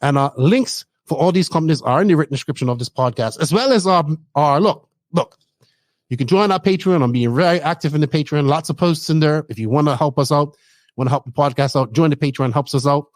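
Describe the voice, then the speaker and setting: A man's voice: a little high, a little fast, dry recording. Chatty man hosting a hobby podcast. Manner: chatty, teasing. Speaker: podcast host. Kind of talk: casual chat.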